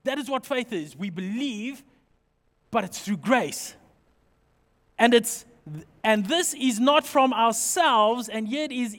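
A man preaches to his congregation, moving from scripture and prayer into lively, joking personal stories. His voice sits unusually high for a man. The sound carries a long reverb from the hall he speaks in. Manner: leads prayer, then tells lively anecdotes to the congregation. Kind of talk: sermon with humorous personal stories.

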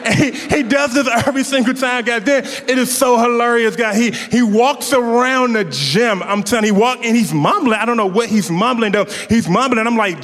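A man preaching a sermon, telling a lively story to his congregation and calling out to them, with many stammering restarts. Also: high-pitched, moderate pace. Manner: animated storytelling, calls out to the congregation. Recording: long reverb of a large hall.

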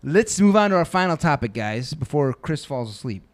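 A male podcast host chats casually with his guests. He talks quickly and keeps the mood joking. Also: fairly high pitch, very animated.

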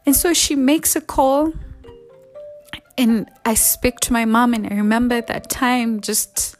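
A woman's voice: on the high side, faint music behind. Hesitant, earnest woman. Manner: hesitant and earnest, with frequent pauses and fillers. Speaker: storyteller sharing a personal testimony. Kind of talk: emotional personal storytelling.

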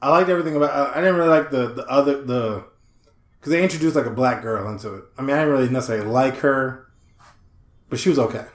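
A man's voice: mid-range voice, fast talker, roomy sound. A man co-hosting a casual podcast chat, telling stories with lots of swearing and laughter. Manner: animated, profane, laughing storyteller. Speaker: podcast co-host.

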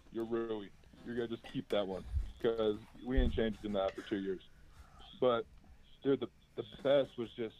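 A young man with a low, darkish voice, once a college basketball player, answers interview questions. He's laid-back and chatty with plenty of fillers, heard over a dry, tinny phone-like line.

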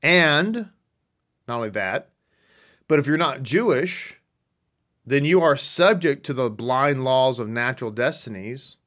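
A man teaching a religious lesson, reading passages slowly and then speaking emphatically, repeating words for stress and asking rhetorical questions. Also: medium pitch, animated, a bit bright. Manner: reads passages slowly, then speeds up in asides. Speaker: rabbi teaching a congregation. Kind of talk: sermon-style teaching.

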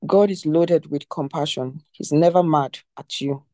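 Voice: medium pitch, a little slow, dark tone, no echo. A devotional teacher reading and explaining a devotional text in an emphatic way, repeating key phrases and asking the listeners questions.

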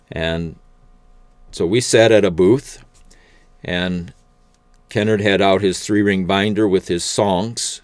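A man telling a personal faith testimony in an unhurried, conversational way, with the odd "uh". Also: sits low, dry recording. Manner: unhurried, conversational storytelling with fillers.

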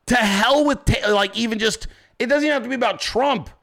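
High, bright-voiced man ranting angrily. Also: a little fast. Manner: angry, profane, shouting rant. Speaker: podcast host. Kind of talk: political commentary rant.

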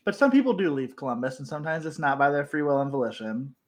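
A chatty man co-hosting a casual sports podcast, with a somewhat high voice. He tells stories loosely and laughs often. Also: expressive, fast. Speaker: podcast co-host.

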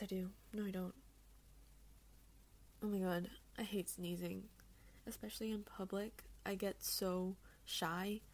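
A woman's voice: mid-range voice, a little mellow. A young woman hosting her own podcast alone, chatting casually in a bubbly, rambling, self-deprecating way, recorded on an earphone mic. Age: young adult. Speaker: podcast host. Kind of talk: casual solo chat.

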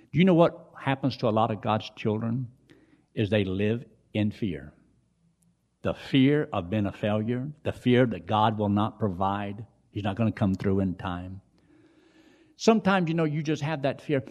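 An older man preaching a sermon, folksy and asking his listeners questions, moving from quiet storytelling to loud emphasis. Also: lowish voice, expressive, moderate pace, creaky. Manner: folksy, asks the congregation questions.

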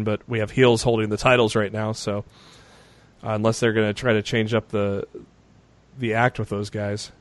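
A man's voice: on the low side, no room sound. A man co-hosting a podcast, recapping the news casually and rambling with frequent fillers and restarts. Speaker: podcast co-host.

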